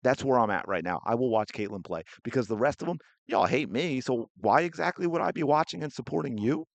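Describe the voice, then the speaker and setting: A man's voice: mid-range voice, expressive, a little fast, vocal fry, no echo. A man hosting a sports podcast, giving heated, indignant solo commentary.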